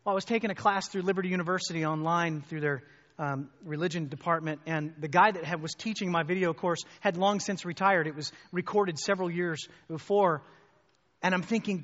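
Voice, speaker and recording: Animated preacher, high voice, echoing hall. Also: male voice, a little fast. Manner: animated storytelling, climbs high and loud when excited. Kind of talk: sermon with personal story. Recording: muffled hall with long reverb.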